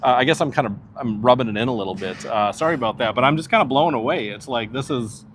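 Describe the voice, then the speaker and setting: A man's voice: mid-range voice, lively intonation, fast talker, fairly bright tone, a little hiss or hum. A man hosting a casual live stream from the outdoor deck of a cruise ship, chatting with viewers in an awed, easygoing way.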